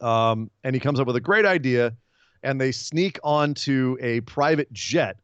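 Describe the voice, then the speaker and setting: Podcast co-host, male, mid-pitched, rambling recapper on a dull dry mic. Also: a bit bright, clean tone, dry recording. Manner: rambling, retells comedy segments with quick voiced asides. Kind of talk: casual wrestling recap chat.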